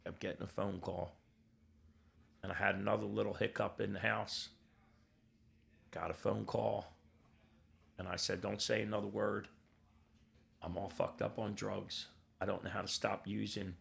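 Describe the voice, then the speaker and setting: Gravelly low-voiced older man, blunt storyteller. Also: flat delivery, moderate pace, long pauses, a bit bright. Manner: blunt, raw, swears freely; acts out quoted voices in his story. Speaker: podcast guest. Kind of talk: candid personal storytelling.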